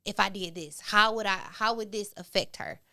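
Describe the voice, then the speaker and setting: A woman's voice: medium pitch, fairly even intonation, normal speed, pushed and bright. A woman in her thirties, a podcast guest talking candidly and animatedly in a casual conversation.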